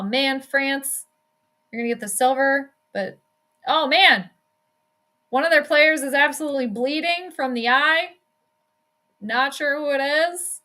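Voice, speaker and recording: A woman's voice: high voice, bright, forceful tone. A young woman doing casual live play-by-play, chatting and reacting aloud to the games she watches. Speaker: sports streamer doing her own play-by-play.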